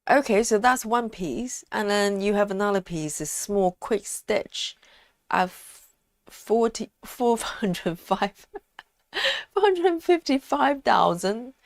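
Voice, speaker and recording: A woman hosting a casual live stream, chatting in a relaxed way and reading out viewer comments with frequent ums. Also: medium pitch, slow, dry recording, clean studio sound.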